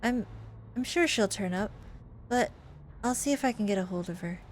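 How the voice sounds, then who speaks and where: A woman's voice: medium pitch, normal speed, a little hiss or hum, lightly acted. Woman reading a curt, menacing young woman. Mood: cold. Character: stern, threatening young woman cousin.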